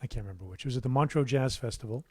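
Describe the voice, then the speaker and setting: A middle-aged American man talks casually to his livestream viewers, rambling and restarting as he answers questions. His voice sits at an ordinary pitch and sounds close and dry, with no room echo, as he chats from his recording studio. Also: very fast, breathy edge. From United States. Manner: rambling, warm asides, many fillers and restarts. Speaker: musician hosting his own livestream.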